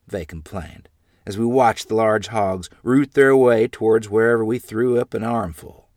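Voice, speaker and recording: A man narrating a read-aloud story in an expressive, good-humored manner. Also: lowish voice, normal speed, no echo, clean studio sound.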